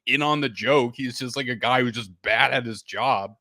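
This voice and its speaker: A man's voice: medium pitch, moderate pace, bright, forceful tone, no room sound, clean studio sound. A man co-hosting a casual sports podcast, ranting with incredulous, mocking quoted voices. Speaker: podcast co-host.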